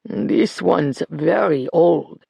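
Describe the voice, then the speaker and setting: Narrator doing a cranky elderly ex-cop, grumbling, curt, slow and low, gravelly, dry studio sound. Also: male voice, a little mellow, no room sound, exaggerated voice. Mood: grumpy, wary. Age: older. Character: irritable elderly man, former police officer.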